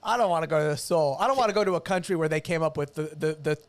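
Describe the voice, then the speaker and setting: Higher-pitched man riffing sarcastically. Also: rapid-fire. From United States. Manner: sarcastic, riffing, mock-angry bursts. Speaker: podcast co-host. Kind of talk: casual comedic podcast banter. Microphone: studio podcast microphone.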